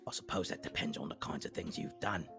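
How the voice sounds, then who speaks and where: A man voicing a tearful, intense woman who speaks in a low, hushed, grave way to someone she believed in. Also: fast talker, over music.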